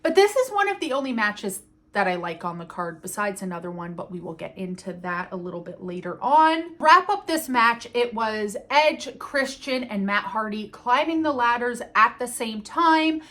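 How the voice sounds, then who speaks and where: A woman's voice: fairly high pitch, expressive, moderate pace, pushed and bright. A woman chatting casually and enthusiastically as she reviews a wrestling event, with the odd casual swear.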